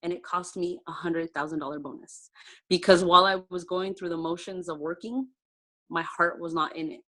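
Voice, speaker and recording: A woman with a lowish voice and a sharp tone speaks at a moderate pace, her intonation fairly even. She heads a direct-sales team and is sharing her own success story on a video call in a sincere, chatty manner loaded with fillers.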